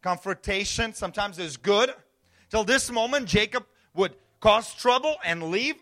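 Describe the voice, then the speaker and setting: Male pastor, high bright voice, storytelling sermon that dips to a hush and climbs to shouts. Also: lively intonation, measured pace. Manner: storytelling, swings from hushed to shouting.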